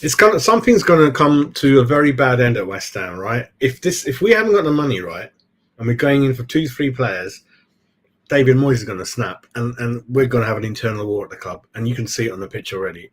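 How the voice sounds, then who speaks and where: A man's voice: medium pitch, big pitch swings, a little fast. A chatty man in the middle of a casual live stream, talking in a mid-range voice. He rambles through his thoughts, answers viewers as he goes, and throws in "mate" every few lines. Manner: chatty, keeps saying "mate". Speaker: football fan channel host.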